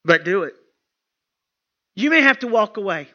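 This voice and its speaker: A woman preaching to a women's retreat with a bright, forceful edge to her voice. She drives her points home by repeating them, in plain, homey language. The recording sounds a little dull and lo-fi. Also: mid-range voice, sing-song, normal speed. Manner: emphatic and repetitive, with plain homespun talk. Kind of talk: sermon.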